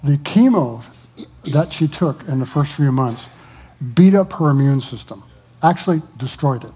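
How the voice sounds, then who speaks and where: A pastor speaking to his congregation, exhorting people not to go through hard times alone and pausing often with fillers. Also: a little high, lively intonation, dark tone, husky. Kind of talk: testimony to a church congregation.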